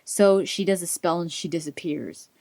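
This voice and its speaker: A woman's voice: fairly low pitch, moderate pace, creaky, a little mellow, no room sound. A woman chatting enthusiastically as she retells a fantasy book for a gaming video, laughing along.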